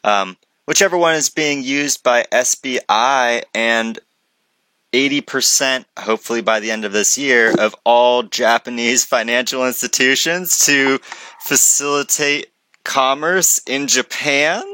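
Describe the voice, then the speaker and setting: A man commenting excitedly on a conference video, rambling with many restarts and jokes. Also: medium pitch, measured pace, dry recording.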